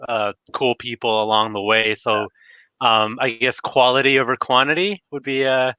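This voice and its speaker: A man's voice: medium pitch, little pitch movement, normal speed, pushed and bright, clean tone, no room sound, dull audio. A man in casual livestream chat about his collecting channel, rambling with lots of fillers and restarts. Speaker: retro collecting YouTuber.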